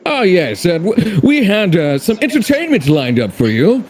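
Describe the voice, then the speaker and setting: A man playing a tabletop game in a high voice that swoops up and down. He speaks in an overly polite, formal way. A faint hiss is audible behind him. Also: very animated, normal speed. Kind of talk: in-character play.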